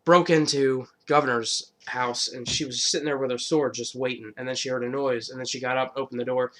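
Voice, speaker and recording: A man's voice: mid-range voice, fairly even intonation, a little fast, fairly bright tone. A man giving a casual, rambling recap of a TV episode, full of swearing and fillers. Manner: rambling, profane, lots of fillers. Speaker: vlogger.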